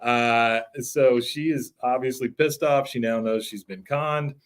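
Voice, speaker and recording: A man co-hosting a podcast, casually recapping a cartoon episode and jumping into character voices for the quotes. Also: a little slow. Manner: animated retelling, jumps into high squeaky character voices for quotes. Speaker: podcast co-host.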